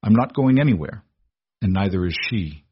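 Gruff commanding nobleman, curt orders; male narrator's voice, dull lo-fi audio. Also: fairly low pitch, lively intonation, normal speed, no echo. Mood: steady. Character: commanding aristocratic man, gruff and protective. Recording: dull lo-fi recording.

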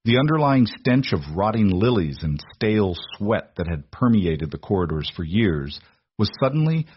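A man reading a story aloud in a measured, dramatic narration. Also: sits low, a little hiss or hum. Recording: dull lo-fi recording.

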